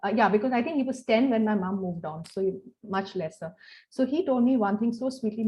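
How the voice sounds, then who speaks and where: An Indian English woman in her forties, voice pitched a little high, talking in a heartfelt, animated way. She tells family stories over a casual chat, with lots of "you know" and "like.". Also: a little fast, muffled recording. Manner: emotional, animated, warm storytelling with many fillers. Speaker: host.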